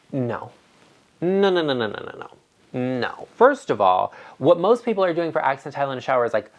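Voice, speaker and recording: A man who works as an interior designer, giving emphatic, opinionated advice straight to the camera in a casual way, with animated asides. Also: medium pitch.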